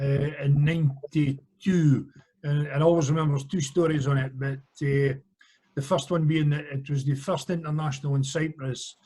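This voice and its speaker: A man's voice: on the high side, rough recording. Man telling referee stories. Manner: relaxed anecdotal, laughs at own stories. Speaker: former referee, guest. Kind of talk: casual storytelling chat.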